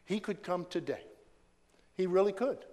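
A man's voice: high voice, moderate pace, a little mellow. A man preaching a sermon as a pastor, emphatic, repeating key phrases and asking the congregation to answer his questions. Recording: long reverb from a large hall.

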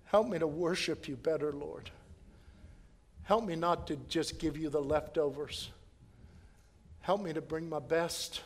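A man preaching a sermon as pastor, swinging from loud emphatic preaching to hushed prayer in a church sanctuary. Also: fairly high pitch, a little slow, pauses often, big-room sound.

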